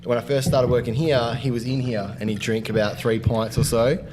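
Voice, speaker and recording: A man's voice: mid-range voice, brisk, background noise. Laughing man telling stories. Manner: animated, laughing, swears freely. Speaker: podcast co-host. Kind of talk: casual storytelling.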